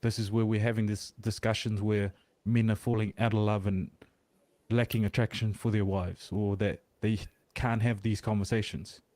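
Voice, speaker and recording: A man's voice: lowish voice, little pitch movement, moderate pace, darkish tone, dry recording. A man on a podcast making his point emphatically, in a lecturing way. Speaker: podcast guest. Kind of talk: casual podcast discussion.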